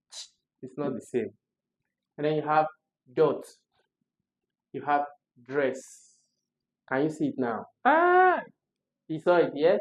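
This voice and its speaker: A tutor with a Nigerian accent explaining exam questions, chatty and quick to laugh, asking the listener rhetorical questions. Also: mid-range voice, a little mellow, a little hiss or hum, low-quality recording.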